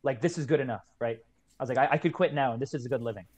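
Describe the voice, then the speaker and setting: A kettlebell coach in his twenties shares his story as a guest in a casual podcast conversation, speaking earnestly and from the heart. His voice is medium-pitched and rapid-fire.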